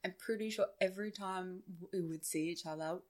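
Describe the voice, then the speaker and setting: A woman telling a story as a podcast guest, animated and full of "like". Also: lowish voice, fairly quick. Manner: animated, with frequent filler "like". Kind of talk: casual storytelling chat.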